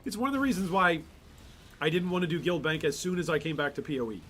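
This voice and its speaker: A man's voice: fairly high pitch, lively intonation, fast, a bit bright, a little hiss or hum. A man hosting a gaming channel, giving casual gameplay commentary with rambling, exasperated asides.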